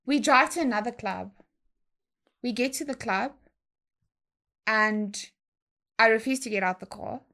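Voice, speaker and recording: A young woman tells a story in a relaxed chat. Her voice sits a little high, and she uses slang freely. She acts out other people's lines as she goes. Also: a little slow, long pauses. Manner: animated, slangy storytelling with quoted dialogue. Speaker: guest DJ.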